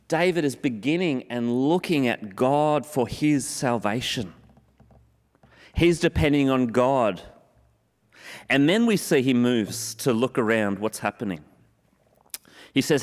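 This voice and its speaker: Earnest preacher man in an echoing hall. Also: medium pitch. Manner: earnest, slows down on scripture and key phrases, repeats for emphasis. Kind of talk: sermon. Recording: long hall reverb.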